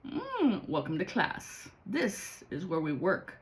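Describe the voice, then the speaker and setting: A woman giving a rambling, excitable spiritual vlog monologue as a card-reading guide, swearing freely. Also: fairly low pitch, takes it slowly, rough recording.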